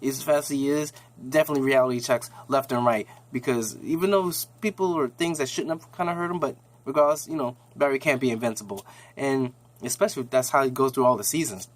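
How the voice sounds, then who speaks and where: A man's voice: mid-range voice, fast talker. Slangy, rambling man recapping a show. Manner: rambling, slangy, many restarts. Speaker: TV episode recapper. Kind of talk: casual recap chat.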